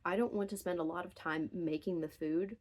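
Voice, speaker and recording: A woman's voice: lowish voice, steady tone, brisk. A young woman in her bedroom ranting casually to her phone camera, rambling and breaking off into wry asides. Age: young adult. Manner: rambling, self-interrupting, wry. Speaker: vlogger. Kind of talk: unscripted casual rant to camera. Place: bedroom at home.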